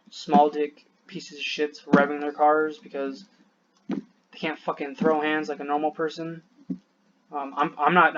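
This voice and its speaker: A man with a fairly high voice rants into a dull, lo-fi recording. He sounds short of breath and worn down, rambling, breaking off mid-thought and cursing often. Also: background noise. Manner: frustrated, rambling, swears a lot, trails off. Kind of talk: venting to camera.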